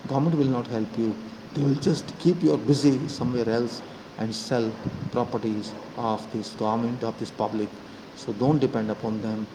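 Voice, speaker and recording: Angry Indian man ranting, noisy recording. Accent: Indian English. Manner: heated, accusing, repetitive, swings between shouting and low asides. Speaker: channel host giving commentary. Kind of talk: angry political monologue.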